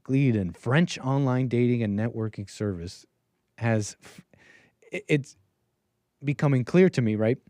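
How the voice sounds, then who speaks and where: A man hosts a call-in show alone, rambling through his commentary in stop-start bursts and trailing off into muttered asides. His voice sits at an ordinary middle pitch. The recording is dry and close, with no room sound. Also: unhurried, pauses often, dark tone, no echo. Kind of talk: solo commentary monologue.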